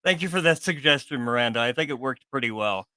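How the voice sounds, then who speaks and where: A man's voice: mid-range voice, lively intonation, fast, pushed and bright, clear, resonant tone, no echo. A man co-hosting a livestream, thanking viewers for their messages and chatting casually between readings. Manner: thanks viewers, chatty asides, laughs a lot. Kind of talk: casual live chat.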